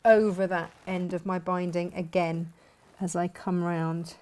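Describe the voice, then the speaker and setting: A shop owner who vlogs about sewing talks in a lowish, flat voice at a measured pace, with a noisy background behind her. She narrates each step of her project casually, joking at her own expense and breaking off at times to focus.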